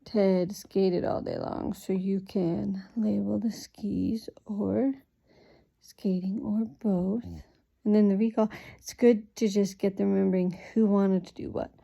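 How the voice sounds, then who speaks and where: Sleepy woman with a gravelly dark voice. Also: medium pitch, measured pace. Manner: relaxed, thinks aloud with fillers. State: sleepy, yawning. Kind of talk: reading aloud and explaining teaching prompts.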